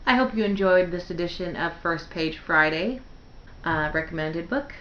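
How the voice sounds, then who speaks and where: A woman with a fairly low voice reads the opening pages of a novel aloud, measured and expressive. The recording is roomy and a little dull, like a home setup. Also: a little hiss or hum. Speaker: book reader.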